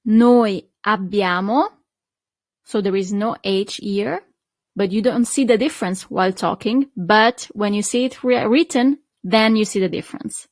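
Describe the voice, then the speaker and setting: A woman teaching an online language lesson, talking slowly and drawing out model words for her students to repeat. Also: mid-range voice, no room sound. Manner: slow, drawn-out model pronunciations for repeating. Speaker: Italian teacher.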